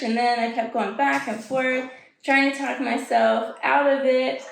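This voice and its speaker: Chatty woman with a gravelly edge. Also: measured pace, noisy background. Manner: chatty, animated, acts out quoted voices in a much higher pitch. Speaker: vlogger. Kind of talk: casual storytelling vlog. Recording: echoey room.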